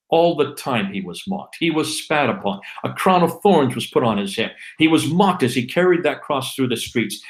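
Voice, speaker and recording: A man preaching with fervor on a livestream, driving his points home through repeated phrases. His pitch swings widely, climbing high on the exhortations and dropping low on the quieter lines. The delivery is urgent and exhorting throughout. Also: poor audio. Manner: repetitive emphatic refrains; fervent, exhorting. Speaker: livestream co-host, Christian apologist. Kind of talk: impassioned preaching monologue.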